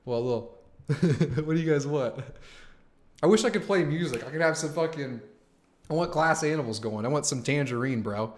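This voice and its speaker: A young man hosting a live stream, chatting casually with his viewers, excited and slangy, swearing and saying "man" and "dude" a lot. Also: on the high side, moderate pace. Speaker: livestream host.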